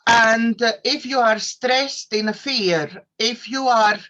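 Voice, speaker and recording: Slow, careful woman host with a foreign accent. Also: mid-range voice, fairly bright tone, muffled recording. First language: not English. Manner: careful, slow, halting wording. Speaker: host and coach therapist. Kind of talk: hosting an online interview.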